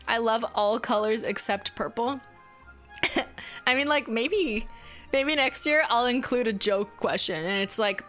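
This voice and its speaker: A woman's voice: fairly high pitch, unhurried, a bit bright, soft background music. A woman hosting a casual livestream, chatting with viewers and thinking aloud with lots of "like"s. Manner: thinks aloud, chatty, many filler likes. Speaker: livestream host.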